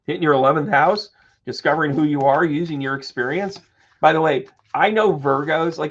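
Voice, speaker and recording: A fairly high-voiced man hosts a live tarot reading, bursting with exclamations, jokes and casual swearing as he calls out viewers by name. The stream audio is dull and lo-fi. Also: moderate pace, creaky, fairly bright tone. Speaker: tarot reader and medium.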